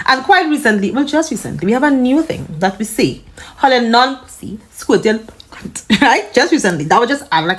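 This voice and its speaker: A woman from Trinidad with a Trinidadian accent, explaining bluntly and cussing casually. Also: on the high side. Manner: lecturing, profane, matter-of-fact.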